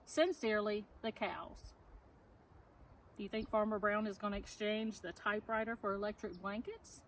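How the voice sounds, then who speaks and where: A woman reading a children's picture book aloud, unhurried, pausing to ask the listener questions, recorded from a distance with faint noise behind. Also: mid-range voice, level tone, a bit bright. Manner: unhurried, asks the listener questions between pages. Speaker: reader.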